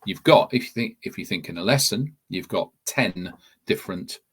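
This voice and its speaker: A man's voice: deep voice, expressive, moderate pace, fairly bright tone, breathy edge. A man teaching a course webinar in a conversational way, often restarting his phrases and addressing viewers directly. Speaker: TEFL course tutor. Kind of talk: webinar explanation.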